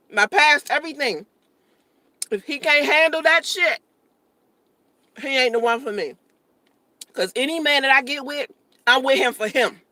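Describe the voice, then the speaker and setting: A woman's voice: on the high side, sharp tone, no room sound. A woman in her late thirties hosting a casual livestream, eating and talking with her mouth full, blunt and profane. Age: 30s. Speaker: livestream host.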